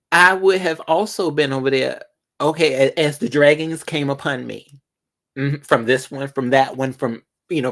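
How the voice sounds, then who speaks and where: A male vlogger rants loosely and sassily straight to his viewers, speaking in an ordinary middle pitch with a fairly bright tone. His delivery is dramatic, and he stretches words out for emphasis.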